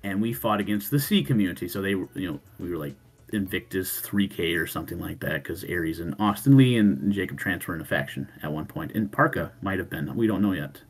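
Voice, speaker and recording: Animated man swapping gaming stories. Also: low voice, fairly quick, breathy edge. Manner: animated, swears freely, laughs, frequent restarts. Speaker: podcast co-host. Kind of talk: casual chat, storytelling.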